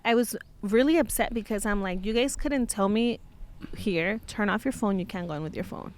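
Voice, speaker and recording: A young woman telling a story in casual chat, animated and acting out what people said. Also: mid-range voice, moderate pace. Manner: animated, acts out quotes with a rising voice. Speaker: co-host of a couple's channel.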